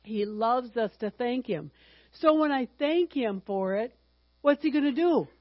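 A woman in her sixties teaching a Bible lesson in a chatty, humorous way, sometimes breaking into excited exclamations. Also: fairly high pitch, measured pace, no echo, muffled recording. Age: 60s.

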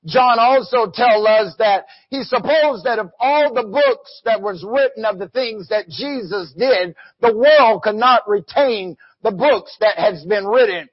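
Male preacher, very high voice, husky, dry and muffled lo-fi sound, frequent amens, bursts of shouting. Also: measured pace, few pauses, no room sound. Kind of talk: sermon. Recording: dull lo-fi recording.

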